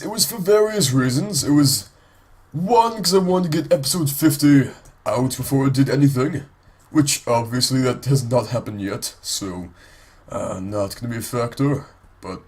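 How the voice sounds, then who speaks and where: A man's voice: mid-range voice, slightly rough. A sick man with a congested, nasal voice gives rambling, casual gameplay commentary for his let's play, full of ums and restarts.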